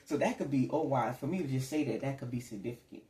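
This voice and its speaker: A man's voice: mid-range voice, fast talker, warm tone. A man giving a casual, rambling tarot reading to his audience. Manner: rambling, conversational, slips into acted quotes. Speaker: tarot reader. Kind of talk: casual spiritual reading to camera. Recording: echoey room.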